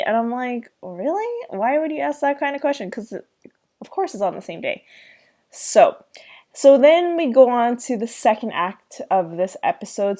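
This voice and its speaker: A woman's voice: mid-range voice, darkish tone. A woman hosting a podcast, recapping a sitcom episode in a chatty way with many fillers and laughs. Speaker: podcast host.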